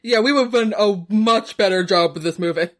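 A woman's voice: mid-range voice, moderate pace. A woman co-hosting a podcast in casual chat, wry and joking. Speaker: podcast co-host.

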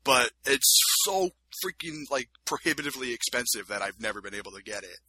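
A man's voice: mid-range voice, lively intonation, brisk, bright, forceful tone, no echo. A man co-hosting a casual film review chat, talking in a rambling, self-deprecating way. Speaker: podcast co-host.

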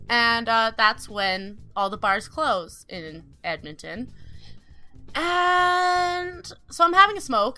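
Young woman, slightly high, bright and forceful tone; animated, swearing storyteller, light music underneath. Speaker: podcast host telling a story. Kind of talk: casual storytelling chat.

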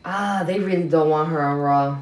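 A woman's voice: low-pitched, normal speed, darkish tone. A woman co-hosting a podcast, enthusiastic and playfully teasing in casual chat. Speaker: podcast co-host. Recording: roomy, distant mic.

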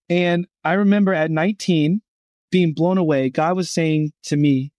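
Here a middle-aged guest from a Christian gap year college tells stories during a podcast interview at a normal pace, his voice a touch high for a man. He brings energy to each tale and voices the people in it himself. There's no echo; the sound is dry and close.

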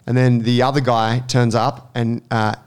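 Man, casual storyteller, smooth resonant tone, mid pitch. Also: normal speed. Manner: animated storyteller, acts out quotes.

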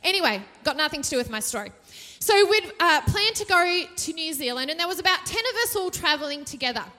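Woman pastor, jokey and conversational, high voice, reverberant hall sound. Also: animated, quick pace, bright, forceful tone. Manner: chatty and jokey, asks the audience questions. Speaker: preacher. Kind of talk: sermon. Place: church stage.

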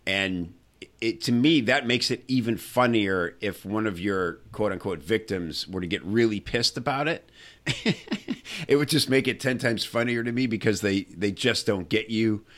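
Chatty low-voiced male podcast host. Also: normal speed, a bit bright. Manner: chatty, full of fillers like "you know" and "like". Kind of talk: casual podcast interview.

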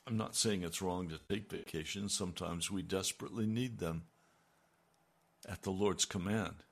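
A man's voice: low voice, moderate pace, creaky, husky. An older man preaching a sermon in an earnest, emphatic way, rising on key phrases.

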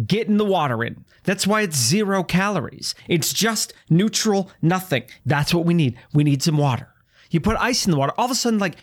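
A man hosting a podcast, ranting emphatically about water in a comic, repetitive way. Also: sits high. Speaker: podcast host. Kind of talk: comic rant, casual chat.

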